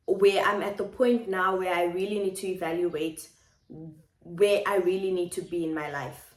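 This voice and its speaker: A woman's voice: fairly low pitch, steady tone, moderate pace, darkish tone. Reflective woman in echoey kitchen. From South Africa. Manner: reflective, speaks in repeated phrases. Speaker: vlogger. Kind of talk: personal vlog confiding to viewers. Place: home kitchen.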